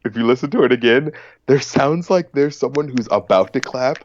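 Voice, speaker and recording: A man's voice: mid-range voice, lively intonation, moderate pace, dull audio, a little hiss or hum. A man co-hosting a stream, rambling through casual chat and mimicking people. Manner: rambling, laughing, mimics others.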